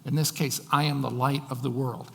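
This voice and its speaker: A male pastor preaching a sermon, slowing down to read scripture with emphasis. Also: medium pitch, steady tone, creaky, in a large hall.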